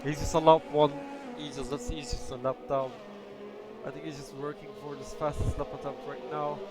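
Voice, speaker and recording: A man commentates a sim racing event in a loose, unscripted way, hedging and trailing off as he follows the cars. His voice sits a little high for a man. Clear music plays under him the whole time. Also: little pitch movement, normal speed. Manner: casual, hesitant, thinking aloud. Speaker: race commentator. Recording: music playing behind.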